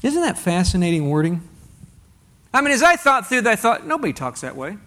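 A man's voice: sits high, big pitch swings, fairly quick, bright, forceful tone. A man preaching a sermon to a congregation, reading scripture aloud and asking rhetorical questions in a conversational way. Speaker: pastor.

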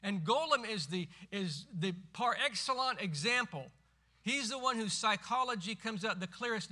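A middle-aged man preaching a sermon as pastor, emphatic and rising to forceful cries when quoting scripture. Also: sits high.

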